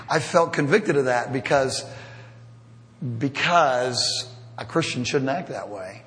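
Speaking a little slowly in a medium-pitched, slightly bright voice, a middle-aged man preaches as pastor in a church sanctuary. He's conversational and self-deprecating, adding humorous asides. The recording has the long reverb of a church hall.

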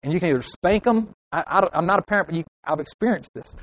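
Higher-voiced young man preaching. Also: expressive, fast talker, few pauses, poor audio. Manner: acts out short angry inner voices. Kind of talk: sermon.

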